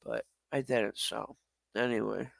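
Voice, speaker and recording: Man host, unhurried and profane, self-mocking livestream chatter, dry close sound. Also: lowish voice, fairly even intonation, vocal fry, no room sound. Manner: rambling, profane, self-deprecating, laughs often. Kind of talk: casual livestream chat.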